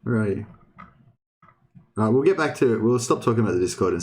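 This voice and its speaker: A man's voice: fairly low pitch, animated, fast talker, a little mellow. A young man streaming, chatting casually with his viewers in a rambling way, often restarting sentences and swearing. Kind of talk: casual livestream chat.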